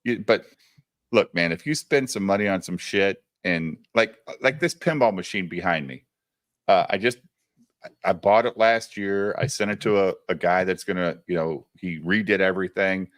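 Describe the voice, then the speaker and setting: A man's voice: low voice, normal speed, dry recording, clean studio sound. A man telling stories in a casual, profane livestream chat, acting out what others said. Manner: profane, animated storytelling with quoted voices. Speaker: podcast co-host.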